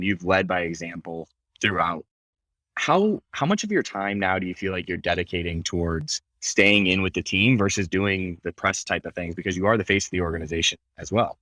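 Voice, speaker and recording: A man hosting a podcast, praising his guest warmly and restarting his sentences often. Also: low-pitched, dry recording. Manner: effusive, with frequent restarts. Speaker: podcast host. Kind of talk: casual interview chat.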